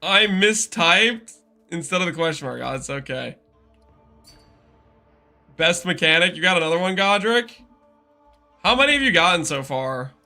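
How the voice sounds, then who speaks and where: A man's voice: on the high side, expressive, moderate pace, long pauses, bright, forceful tone, faint music behind. A man streaming a game live, chatting casually and reading out and answering viewer messages. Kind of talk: casual live-stream commentary while gaming.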